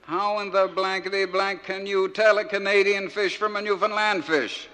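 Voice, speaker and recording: A man playing a blustering, angry male boat commander who speaks in a loud, indignant way. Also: very high-pitched, huge pitch swings, very slow, voice pushed up, heavily acted. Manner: shouting, indignant. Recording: reverberant 1971 live LP.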